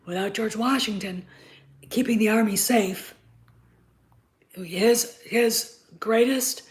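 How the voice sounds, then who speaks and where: A woman's voice: mid-range voice, poor audio. A woman hosting a live stream, lecturing her chat insistently, repeating her points and checking in with "okay?".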